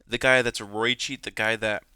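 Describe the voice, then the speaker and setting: A man's voice: fairly low pitch, steady tone, normal speed, sharp tone, clean tone, no echo. A young man ranting angrily about fights, swearing and repeating himself. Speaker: MMA commentator. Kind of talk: ranting fan commentary.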